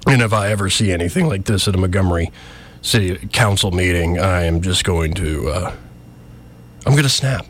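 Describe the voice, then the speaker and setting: A man hosting a local talk radio show, ranting with a wry, animated manner, in a radio studio. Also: sits low, moderate pace.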